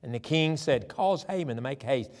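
A man with a Southern accent from Tennessee and Alabama, preaching a folksy, animated sermon with chatty asides. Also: mid-range voice, moderate pace. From southern Tennessee and northern Alabama. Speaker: pastor. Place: large church sanctuary. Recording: church hall reverb.

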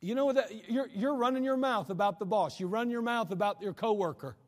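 High-voiced man preaching in a hall. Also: a little fast. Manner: conversational preaching, acts out quoted voices. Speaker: pastor. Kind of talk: sermon.

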